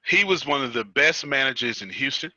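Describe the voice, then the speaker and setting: An American man with a very bright, ringing voice coaches a group in a loose, teasing chat, laughing often and circling back over his own lines. The sound is dry and a little dull, like a lo-fi video call. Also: medium pitch, a little fast, no room sound. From United States. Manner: lively, teasing, laughs often, repeats himself. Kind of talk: casual teaching chat.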